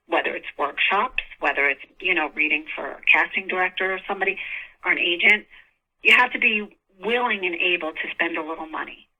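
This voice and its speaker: Brief: talkative actress with a New York accent, very bright tone, interview guest heard over a phone line. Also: female voice, fairly low pitch. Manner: chatty, laughs often. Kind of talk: casual interview chat.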